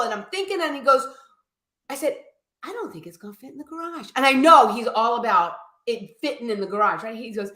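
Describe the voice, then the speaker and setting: A middle-aged woman, a live-show guest, telling a story in a casual, animated way and acting out quoted voices. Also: a little high, fairly quick. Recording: echoey room.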